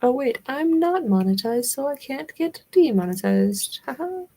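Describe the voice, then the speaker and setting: A woman's voice: sits high, sing-song, moderate pace, creaky, mellow. A young adult woman with a Southern US accent, chatting casually with livestream viewers in a rambling, giggly way with lots of fillers. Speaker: livestream host.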